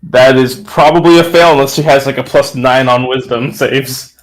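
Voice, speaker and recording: A man's voice: mid-range voice, steady tone, normal speed, poor audio. A man playing a tabletop game live, explaining rules with hesitant, stumbling speech. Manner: hesitant, stumbling over words. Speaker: tabletop player.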